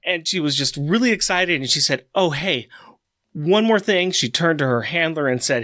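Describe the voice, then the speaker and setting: Excited, animated podcast co-host, male. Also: on the high side, moderate pace, dry recording, studio quality. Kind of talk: casual chat.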